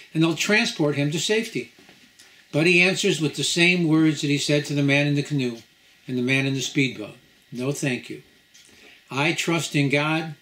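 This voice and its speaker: A man, a rabbi, giving a lecture at a home gathering, telling a parable and then teaching in a measured, storytelling way with pauses. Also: fairly high pitch, fairly bright tone. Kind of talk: sermon-style lecture.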